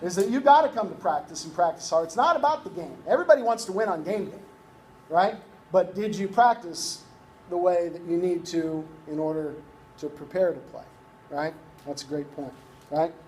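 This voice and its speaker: A man's voice: sits high, moderate pace, darkish tone, slight background noise. A man giving a coaching workshop talk, conversational, constantly checking in with "right?". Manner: conversational, keeps asking "right?". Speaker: youth baseball coaching instructor.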